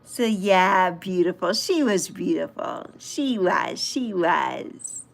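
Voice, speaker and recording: A woman's voice: lowish voice, animated, slow, creaky. Chatty woman in her sixties. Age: 60s. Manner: chatty, reads out and answers viewer comments; fond, reminiscing. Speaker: livestream host. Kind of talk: casual livestream chat.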